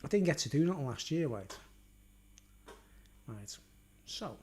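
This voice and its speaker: A man talks to his viewers in a loose, rambling vlog monologue, peppered with swearing and filler words. His voice sits a touch higher than most men's. The delivery is casual and unscripted. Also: sing-song, a little slow, mellow, a little hiss or hum. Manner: casual, rambling and sweary, full of "like" and "you know". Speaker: YouTuber.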